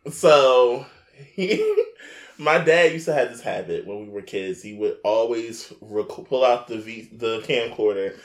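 A man, telling a Christmas story on a casual podcast in a lively, laughing, slangy way. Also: medium pitch, a little slow, roomy sound. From New York tri-state area.

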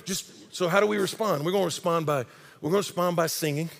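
Gravelly high-voiced preacher in a reverberant sanctuary. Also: male voice, a little fast. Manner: impassioned, swings from loud emphasis to hushed intensity. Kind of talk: sermon. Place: large church sanctuary. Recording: long hall reverb.

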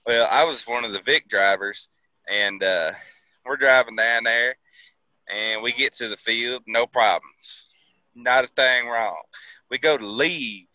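A man's voice: mid-range voice, unhurried, sharp tone, no room sound, lo-fi sound. A man casually telling a profane army story, laughing and acting out the people he quotes. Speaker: veteran telling army stories.

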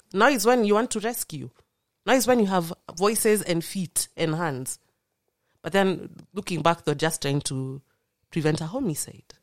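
A young woman tells her story as a podcast guest, earnest and animated, acting out the voices she quotes. Her voice sits low, and the recording is dry and close. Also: moderate pace, no echo. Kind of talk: personal storytelling in a podcast conversation.

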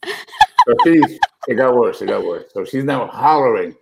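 Middle-aged male comedian guest, lively storyteller with a swinging, expressive pitch. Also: a little slow, gravelly, a little hiss or hum, low-quality recording. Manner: animated, acts out quotes. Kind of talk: storytelling anecdote.

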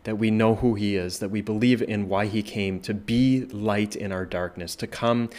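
A man's voice: on the low side, steady tone, normal speed, darkish tone. A man pastor teaching a Bible passage in a conversational way, often asking "right?" and restarting his sentences. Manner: conversational, many "right?" tag questions and restarts, rises when voicing Jesus. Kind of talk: informal Bible study teaching.

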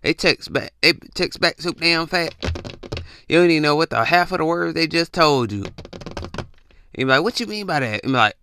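A man's voice: a little high, normal speed, long pauses, pushed and bright, smooth, dry recording. A man hosting a casual comedic podcast rant, talking close to the mic and acting out confused texters in jumpy voices. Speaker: podcast host.

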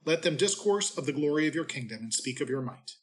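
A man reading the day's scripture and giving a short homily in a measured, reverent cadence, like a clergyman. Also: fairly high pitch, animated, poor audio.

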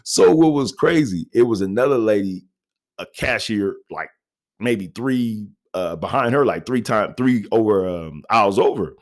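With a measured pace and an expressive voice on the low side, a man casually recounts something that happened to him. His style is easygoing and slangy, often laughing and asking "you know what I mean."

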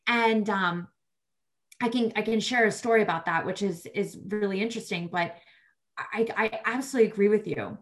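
A woman guest on a podcast telling career stories in casual chat, animated and peppered with "like". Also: mid-range voice, moderate pace. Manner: animated storyteller, acts out quoted voices, frequent "like". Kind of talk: casual interview storytelling.

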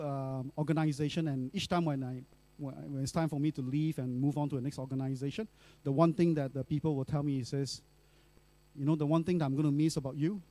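A man's voice: on the high side, warm tone. A middle-aged male pastor, telling a personal story in a sermon in a chatty way, full of fillers and tag questions.

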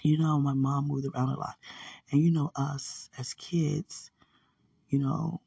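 Gravelly, husky man talking casually. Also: fairly high pitch, flat delivery, measured pace, dark tone, no echo, distant mic. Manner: rambling, many fillers, laughs often. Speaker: podcast host. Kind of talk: casual personal monologue.

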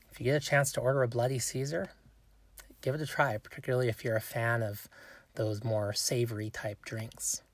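A man's voice: mid-range voice, slightly rough, no echo. A man hosting a solo food podcast, reviewing drinks in an easygoing way and thinking aloud with fillers. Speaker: podcast host.

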